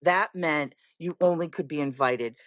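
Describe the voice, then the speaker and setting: Animated middle-aged woman telling a story. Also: deep voice, unhurried, dry recording. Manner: animated, acts out quoted voices. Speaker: podcast guest. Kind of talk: casual storytelling chat.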